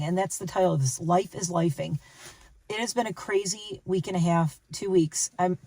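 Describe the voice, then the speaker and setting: A woman's voice: on the low side, darkish tone, no room sound, recorded from a distance, poor audio. A tired woman vlogging casually to the camera, rambling and correcting herself as she talks. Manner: rambling, chatty, self-correcting. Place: outdoors and in a car, rainy day.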